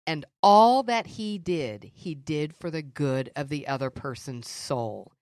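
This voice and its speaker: A middle-aged woman co-hosting a faith podcast, telling stories and teaching in an earnest, animated way. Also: low-pitched, takes it slowly, dry recording, studio quality. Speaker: podcast co-host. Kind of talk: faith-based conversational teaching.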